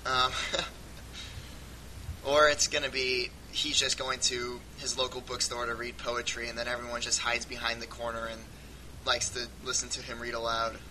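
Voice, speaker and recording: A man's voice: medium pitch, monotone, moderate pace, bright, forceful tone. A man co-hosting a casual fan podcast who talks in a loose, chatty way and laughs often. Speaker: podcast co-host. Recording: noisy podcast audio.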